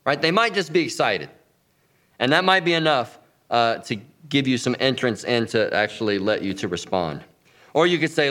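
A man giving an instructional talk, lively, acting out sample lines of dialogue as he explains. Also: fairly high pitch, normal speed. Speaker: teacher.

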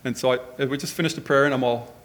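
A man's voice: mid-range voice, fairly even intonation, fast, fairly bright tone. A middle-aged man telling a rambling, conversational story as part of a sermon. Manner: rambling, conversational anecdote with many asides.

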